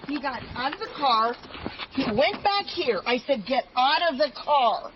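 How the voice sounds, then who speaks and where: An older woman in her seventies argues back defiantly, her speech slurred. Her voice sits high and swings widely in pitch. The sound is dull and muffled, with clear background noise from a police body camera outdoors. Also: animated, unhurried. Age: 70s. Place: outdoors at a house.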